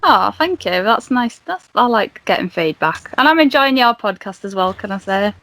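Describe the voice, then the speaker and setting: A woman's voice: medium pitch, sing-song, normal speed, a bit bright, no room sound. A woman guesting on a comedy podcast, giggly and self-deprecating as she chats. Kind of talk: casual comedy chat.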